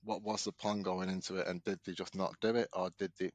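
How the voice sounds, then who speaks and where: Low-voiced male co-host, thinks out loud in long wandering questions, dry sound. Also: flat delivery, a little fast, dry recording. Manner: musing, rambling questions. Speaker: podcast co-host. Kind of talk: casual chat.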